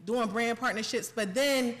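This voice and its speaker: A woman guest on a talk show, telling stories in a lively, casual way and laughing often. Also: fairly high pitch, normal speed. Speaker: guest, content creator and chef. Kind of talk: casual interview chat. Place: podcast studio.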